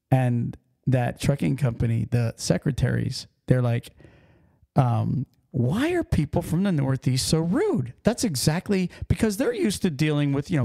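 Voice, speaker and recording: Pennsylvania trucker host, gravelly and mellow, lively story-driven podcast chat. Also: male voice, medium pitch. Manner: animated storytelling, acts out accents.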